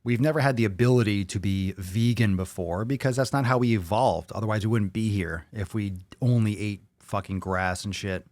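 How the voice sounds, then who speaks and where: A man's voice: fairly low pitch, normal speed, few pauses, darkish tone, dry recording, clean studio sound. A man hosting a podcast, reading viewer comments aloud and reacting to them bluntly, with a lot of swearing. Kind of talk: casual chat.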